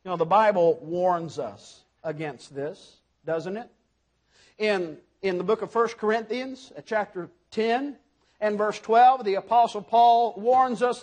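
A man's voice: sits high, a little slow, a little mellow. A man preaching a sermon, speaking emphatically and putting rhetorical questions to his listeners.

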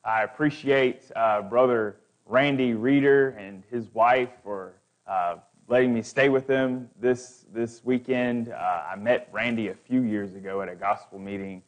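A man's voice: medium pitch, unhurried, hardly any pauses. A man preaching as a guest speaker, building emphatic, repetitive lists. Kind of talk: sermon.

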